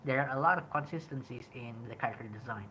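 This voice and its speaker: A young man from Indonesia with an Indonesian accent, talking casually about a game in a rambling way, often pausing on "um" and "like". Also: medium pitch, slight background noise, rough recording. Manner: rambling, frequent "like" and "um", animated emphasis. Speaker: podcast host. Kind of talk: casual game review talk.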